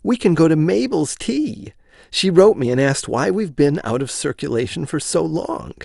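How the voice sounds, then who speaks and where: A man reading a story aloud, voicing a placid, feather-brained young wife in a high, gushing tone. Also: animated, moderate pace, vocal fry, darkish tone, husky, no room sound, clean studio sound, heavily acted.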